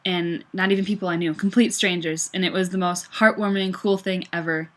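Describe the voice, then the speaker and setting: A young woman from the United States telling a story in a relaxed, chatty way, her voice sitting a little low. Now and then she gets animated, with bursts of excitement between easy pauses and fillers. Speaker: vlogger. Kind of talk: casual recap.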